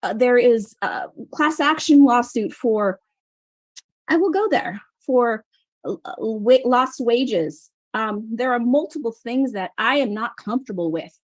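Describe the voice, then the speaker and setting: A woman on a city council speaking with passion and emphatic, halting restarts at a council meeting. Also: fairly high pitch, dry recording.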